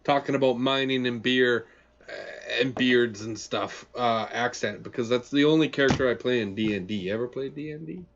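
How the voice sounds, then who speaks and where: Man, podcast co-host, casual joking chat, mid pitch, slightly muffled audio. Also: brisk, noisy background. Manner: joking, loose, swears freely.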